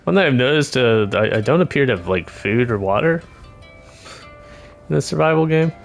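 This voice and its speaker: Gravelly-voiced man streaming a game. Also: medium pitch, animated, normal speed, soft background music. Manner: chatty, self-deprecating, laughs at himself. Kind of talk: casual gameplay commentary.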